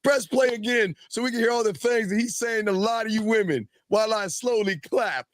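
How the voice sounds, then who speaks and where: A man hosting a casual reaction podcast, ranting in a loud, crude and animated way. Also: sits high, fairly quick, no echo. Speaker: podcast host.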